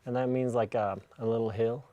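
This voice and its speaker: A man's voice: mid-range voice, fairly even intonation, fairly quick, dark tone, muffled recording, a little hiss or hum. A man from Norway, chatting casually as a guest musician in an easygoing, slightly nervous way. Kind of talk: casual conversation.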